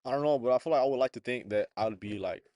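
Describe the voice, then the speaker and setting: A man's voice: medium pitch, racing, dark tone, no echo, studio quality. A young man co-hosting a podcast, laid-back and mostly chiming in with short agreeing replies. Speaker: podcast co-host. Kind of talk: casual chat.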